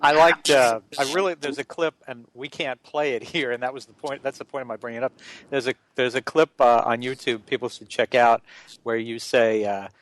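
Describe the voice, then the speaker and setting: A man's voice: mid-range voice, fairly even intonation, a little fast, a bit bright, no echo. A man hosting an interview in a chatty, jokey way. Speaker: podcast interview host.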